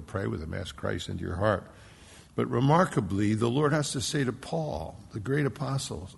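A man from Philadelphia preaching a sermon as pastor, emphatic, dropping to a hush and rising to loud stresses. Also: on the low side, creaky, slightly rough. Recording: long hall reverb.

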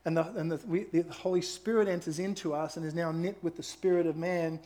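A man's voice: a little high, steady tone, a little fast, mellow. A middle-aged man, preaching a sermon through personal stories, earnest and conversational with emphatic rises. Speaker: pastor.

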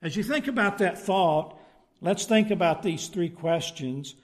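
Man, preacher, sermon, scripture reading, tag questions, slightly higher voice, church. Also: unhurried. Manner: reads scripture aloud, then preaches with rhetorical tag questions.

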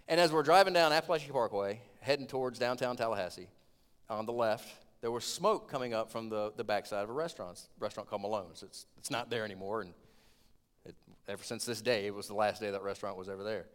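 A man, preaching a sermon as a lively storyteller who gets loud when retelling scenes. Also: lowish voice, fast talker, clean tone. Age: 20s. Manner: storytelling, animated, rising to shouts in retold scenes. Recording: long hall reverb.

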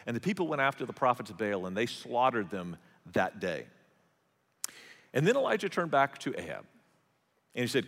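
Animated preacher man in a reverberant hall. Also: mid-range voice, normal speed. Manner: animated, conversational, humorous asides. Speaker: pastor. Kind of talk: sermon, storytelling with jokes.

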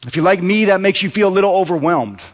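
A thirty-something pastor preaches fast and animatedly in a high-pitched voice, his conversational sermon peppered with rhetorical questions to the congregation. The long reverb of the church sanctuary hangs on his words.

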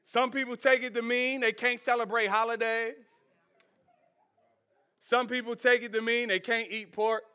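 A male pastor preaching a sermon in an animated, conversational way, calling out to the congregation. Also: very high voice, moderate pace, long pauses, smooth.

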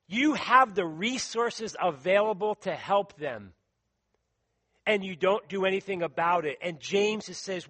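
A man delivering a sermon in a church, his voice sitting quite high for a man. He reads scripture and presses his points earnestly, drawing out the words that matter. A tickle in his throat keeps him clearing it and coughing. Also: lively intonation, unhurried, bright, forceful tone. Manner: earnest, emphatic, stretches out key words. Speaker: preacher.

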